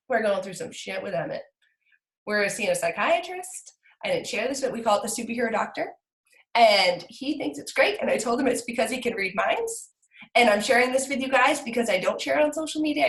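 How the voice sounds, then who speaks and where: A woman in her thirties talking frankly and emotionally to her team, swearing casually and jumping up in pitch when she gets worked up. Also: a bit bright, echoey room, poor audio. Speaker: team leader sharing with her group. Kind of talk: candid talk to a team call.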